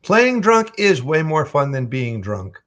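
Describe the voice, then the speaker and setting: A man's voice: a little high, big pitch swings, a little slow, fairly bright tone. A man voice actor chatting casually, reading fan questions aloud and telling stories with frequent chuckles. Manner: chuckly, storytelling, reads chat aloud. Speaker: voice actor at a live signing.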